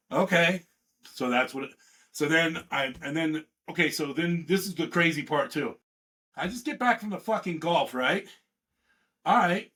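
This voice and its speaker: A man in his fifties from California, a veteran guest telling rambling, profane stories in a casual, animated way. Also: a little high, normal speed. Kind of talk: casual storytelling.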